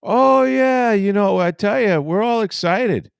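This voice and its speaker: A man putting on the voice of an eager, friendly male ballplayer who gushes with excitement, his voice pitched well above his own. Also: a little slow, vocal fry, smooth, dry recording, studio quality. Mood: excited. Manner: enthusiastic, gushing, loose and casual.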